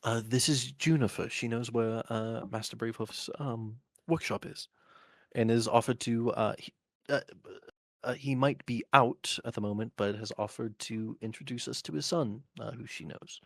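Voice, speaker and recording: A man's voice: mid-range voice, steady tone, normal speed, vocal fry, fairly bright tone, no echo, studio quality. A man voicing a polite, cursed undead adventurer, speaking formally with some hesitation. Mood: courteous. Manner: formal and courteous, a bit hesitant.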